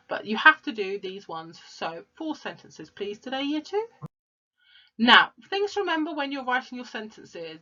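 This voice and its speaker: A woman teaching at home, explaining slowly and patiently to young children. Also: medium pitch, bright, forceful tone, dull audio. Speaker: primary school teacher. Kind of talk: recorded home-learning lesson.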